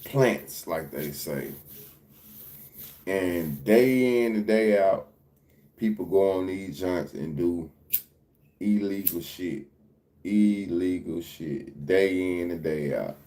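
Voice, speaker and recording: Male streamer, deep-ish and mellow, loose repetitive commentary. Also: slow pace, pauses often. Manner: loose, repetitive, profane street talk. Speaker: livestream reaction host. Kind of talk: casual livestream commentary.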